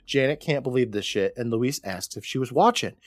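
A man co-hosting a podcast, casually recapping a TV episode with a lively, swooping delivery. He acts out the characters' lines in exaggerated voices. The sound is dry and close to the mic. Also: medium pitch, brisk, no echo. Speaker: podcast co-host.

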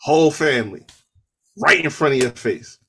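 A man co-hosting a podcast, talking wrestling in an excitable, slangy way with lots of laughter. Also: a little high, normal speed, slightly rough. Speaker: podcast co-host. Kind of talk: casual wrestling chat.

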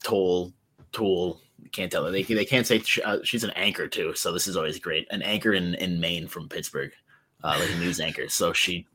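A man co-hosting a podcast, talking quickly and eagerly in casual chat. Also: sits low, pushed and bright, breathy edge. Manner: quick, enthusiastic talker. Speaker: podcast co-host.

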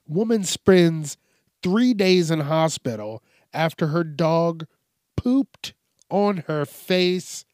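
A man's voice: fairly high pitch, slow, darkish tone, dry recording, studio quality. A man hosting a casual, profane news commentary show, rambling and laid-back as he reacts to stories. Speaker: host.

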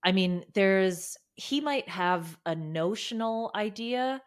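A woman's voice: mid-range voice, expressive, slow pace, clean tone. A woman guest on a podcast, explaining her view in a thoughtful casual chat with many fillers.

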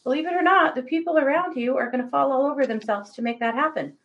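Woman, fairly high voice, chatty and animated, livestream astrology reading. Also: fast talker, lo-fi sound. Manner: chatty, animated, laughs often. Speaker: psychic reader, co-host.

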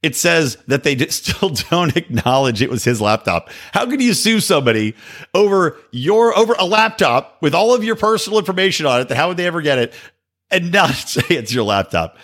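A man's voice: a little high, big pitch swings, fairly quick, fairly bright tone. A man hosting a podcast, delivering sarcastic, opinionated political commentary with joking asides. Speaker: podcast host.

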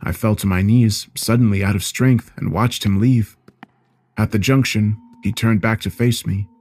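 A man's voice: fairly low pitch, steady tone, normal speed, darkish tone. Man narrating a horror story. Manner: dramatic first-person storytelling.

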